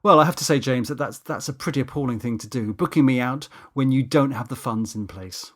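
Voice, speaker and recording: A man's voice: medium pitch, a little fast, lightly acted. A man voicing a pompous, touchy cinematographer who lectures in stiff, formal words. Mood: indignant.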